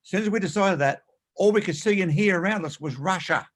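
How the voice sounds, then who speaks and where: Male author, rapid storyteller, emphatic, interview guest. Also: high voice. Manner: animated anecdotes, quick and emphatic.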